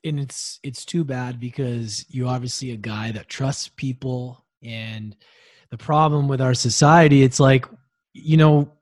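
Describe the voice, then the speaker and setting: A man's voice: medium pitch, fairly even intonation, unhurried, no room sound, studio quality. A man hosting a podcast, asking long, loosely strung questions. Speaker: podcast host. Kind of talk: podcast interview.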